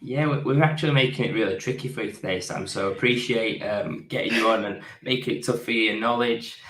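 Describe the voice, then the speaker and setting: A man's voice: medium pitch, brisk, a bit bright, recorded from a distance, slight background noise. A man co-hosting a podcast, upbeat and casual as he introduces the guest and topics. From United Kingdom. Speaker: podcast co-host. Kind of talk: casual chat. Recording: roomy echo.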